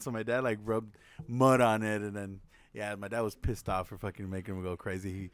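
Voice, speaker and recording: A young man co-hosting a casual chat, telling a family story in a lively way, laughing, swearing and acting out the quotes. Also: fairly low pitch, quick pace, smooth. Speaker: podcast co-host.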